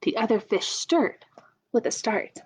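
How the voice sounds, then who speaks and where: A woman's voice: on the high side, lively intonation, slight background noise. Sing-song woman reading story time. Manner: slow sing-song questions, playful animal sounds. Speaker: children's librarian. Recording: dull lo-fi camera audio.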